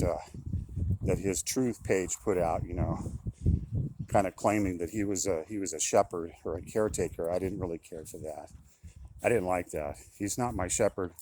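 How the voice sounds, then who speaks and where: With slight background noise behind him, an older commentator talks in a low, somewhat mellow voice, rambling in a repetitive, conversational monologue that often turns indignant.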